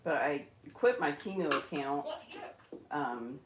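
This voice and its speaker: A woman chatting on a casual live stream at home, coaxing her pet birds in a high, sing-song baby-talk voice between plain remarks to viewers. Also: expressive, slow pace. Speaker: pet bird owner livestreaming. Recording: echoey room, noisy background.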